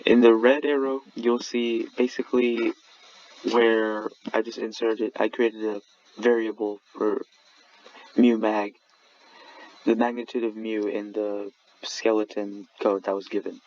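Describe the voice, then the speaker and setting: A man's voice: fairly low pitch, little pitch movement, measured pace, darkish tone. A young man, a student, walks through his lab report in a recorded slide presentation, often restarting words and correcting himself. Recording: dull lo-fi audio with faint background noise.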